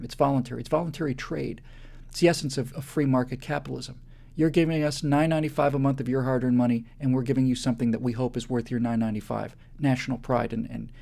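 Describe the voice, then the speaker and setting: Fervent man with a gravelly voice. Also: medium pitch, mellow. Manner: fervent, builds to emphatic repetition. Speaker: live show host. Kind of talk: impassioned monologue.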